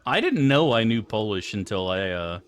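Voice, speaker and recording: A man's voice: lowish voice, big pitch swings, normal speed, a little hiss or hum. A man casually commenting on his gameplay for viewers, joking and crude. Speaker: streamer.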